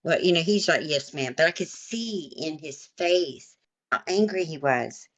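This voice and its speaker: A woman's voice: low voice, animated, unhurried. An older woman, a grandmother, telling a story in a blunt, repetitive way during a casual chat. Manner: blunt, repeats herself for emphasis. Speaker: stream host.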